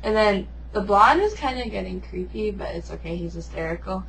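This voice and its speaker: A woman's voice: mid-range voice, a little fast, gravelly, a bit bright, low-quality recording. A teenage girl telling a story in giggly casual chat, jumping in to finish her friend's sentences.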